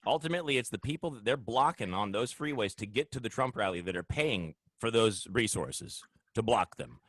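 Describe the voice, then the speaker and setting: Animated, ranting male talk host. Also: on the low side, brisk, no echo. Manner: heated, ranting, addresses audience directly. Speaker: show host. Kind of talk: opinionated political talk show. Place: studio.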